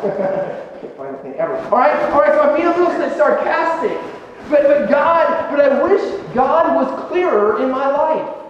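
A man's voice: extremely high pitch, moderate pace. Preaching man in a roomy, echoing hall. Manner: animated, sarcastic, with sudden loud and quiet swings. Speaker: pastor. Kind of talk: sermon. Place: church sanctuary. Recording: echoey hall recording from far off, dull sound.

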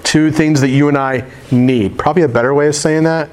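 A male pastor delivering a sermon in a loose, slangy voice that sits a little high. He tells his stories with animated energy and talks to the crowd like friends. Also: fairly quick, a little hiss or hum. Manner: casual, slangy, animated storytelling.

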